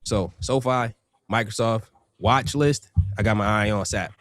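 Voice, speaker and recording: Low-voiced man giving stock advice. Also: unhurried, fairly bright tone, no room sound. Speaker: stock commentator. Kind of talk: casual market commentary.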